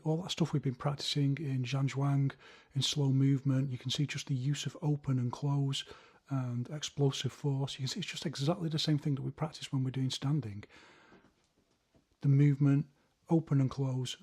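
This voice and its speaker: A man's voice: mid-range voice, darkish tone, breathy edge. A man teaching a martial arts lesson, explaining technique and counting punches aloud as he demonstrates.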